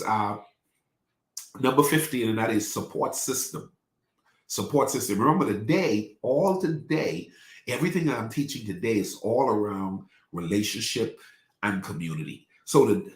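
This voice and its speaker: A man preaches in a folksy, chatty way, calling out to his listeners. His voice sits mid-pitch, and the recording carries a roomy echo. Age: 40s. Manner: conversational Southern preacher, folksy, calls out to listeners. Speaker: pastor. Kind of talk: live-streamed teaching.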